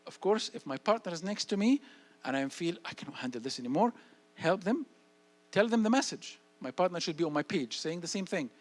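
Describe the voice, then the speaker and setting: A man, a guest speaker answering audience questions about parenting in a church hall. He is animated, acts out little dialogues and repeats key phrases. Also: high voice, brisk.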